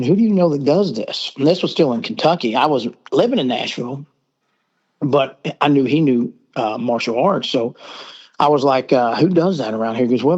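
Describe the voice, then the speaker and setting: In a remote call, a middle-aged podcast guest with a Southern US accent rambles through extended casual stories, voicing the dialogue as he goes. His voice is mid-range and darkish with a breathy edge. The highs in the recording are cut off.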